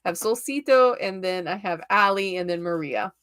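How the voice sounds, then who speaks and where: A woman with a slightly low voice gives tarot readings on a live stream. She talks in a chatty, reassuring way and keeps checking in with her listeners. She laughs easily between thoughts. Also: expressive, moderate pace, fairly bright tone. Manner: laughs often.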